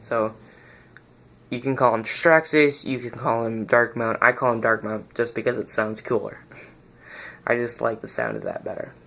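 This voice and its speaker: A man with a gravelly, fry-edged voice, recorded on a phone, talks through a toy review in a loose, unscripted way. He wanders, hunts for words and circles back on himself as he goes. His pitch sits in an ordinary middle range. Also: fairly even intonation, normal speed, fairly bright tone. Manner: rambling, searches for words and restarts often.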